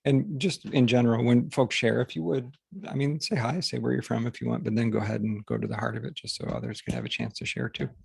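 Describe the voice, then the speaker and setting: A man hosting a group session, talking casually and haltingly, with many fillers and restarts, over a video call. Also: mid-range voice, expressive, creaky, darkish tone, husky, no room sound. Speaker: workshop host. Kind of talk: casual teaching talk to a group.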